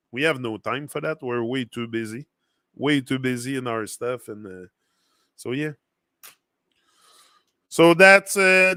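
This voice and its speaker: Bright-voiced man with a French accent. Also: medium pitch, no room sound, clean studio sound. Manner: rambling, reads viewer comments aloud. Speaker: motivational livestream host. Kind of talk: casual motivational chat.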